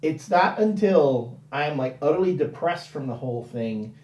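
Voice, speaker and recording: A man spins a casual story as a guest, slipping into different voices whenever he quotes someone. His tone is mellow and warm, and he rambles through restarts and fillers. He sounds roomy, picked up from a distant mic. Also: fairly high pitch, moderate pace. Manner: animated, acts out dialogue in quoted voices. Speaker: interview guest.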